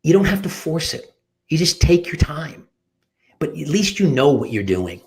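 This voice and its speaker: A man coaching on sales and networking in an energetic, emphatic motivational talk, often restarting his sentences. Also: fairly high pitch, normal speed, breathy edge.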